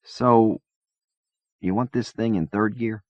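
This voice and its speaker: A man's voice: fairly low pitch, fairly even intonation, slow pace, dry recording, voice pushed up. A man voicing a weak, barely conscious young man who talks faintly and teases dryly. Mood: wry. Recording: dull dry cassette-era recording.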